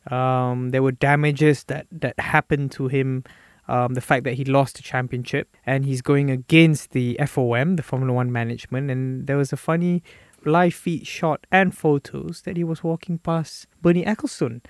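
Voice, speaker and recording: A man's voice: mid-range voice, fairly even intonation, moderate pace, dry recording, studio quality. A man co-hosting a casual podcast chat, agreeable and hesitant, with many ums. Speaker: podcast co-host.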